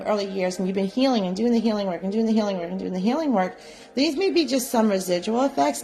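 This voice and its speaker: A woman teaching a live psychic development class, guiding listeners gently and often checking in with "right?". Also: medium pitch, creaky. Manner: gentle, coaxing, repeats "right?". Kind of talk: guided live class instruction.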